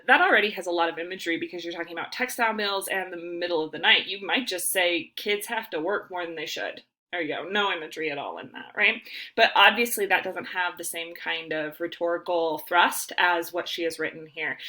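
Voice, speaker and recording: A woman's voice: lowish voice, pushed and bright. A young woman teacher giving a casual recorded lecture from home, talking informally with many ums and rights.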